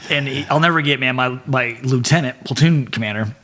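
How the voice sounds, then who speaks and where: A middle-aged man, a podcast guest, telling profane stories in a lively way and acting out the quotes. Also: mid-range voice, brisk. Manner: animated, profane, acts out quotes. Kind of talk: casual storytelling chat.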